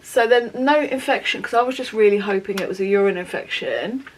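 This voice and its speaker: A woman's voice: mid-range voice, a little fast, slight background noise, rough recording. A young woman, telling a long personal story in a rambling, candid way while doing her makeup for a get-ready-with-me vlog. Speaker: beauty vlogger.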